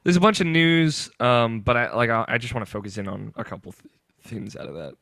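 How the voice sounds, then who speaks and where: A man's voice: medium pitch, fairly quick, creaky, fairly bright tone, no room sound, studio quality. A young man hosting a casual group podcast, rambling with fillers and laughing often. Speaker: podcast host.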